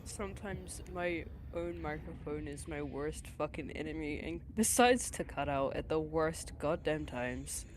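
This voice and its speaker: A woman's voice: sits low, measured pace, few pauses, background noise. A woman on voice chat with a streamer, bantering casually, teasing and swearing. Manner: laughing, teasing, profane.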